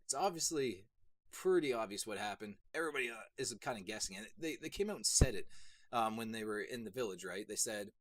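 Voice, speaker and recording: Excited rambling young man. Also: on the low side, brisk, dry recording. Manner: rambling, lots of fillers, excited. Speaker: anime reviewer. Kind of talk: casual solo video review.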